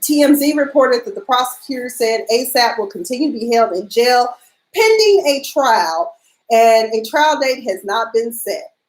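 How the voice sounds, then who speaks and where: A woman hosting an internet radio show, chatting in a sassy, animated way and telling stories straight to her listeners. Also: on the high side, normal speed, echoey room, rough recording. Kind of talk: casual talk radio monologue.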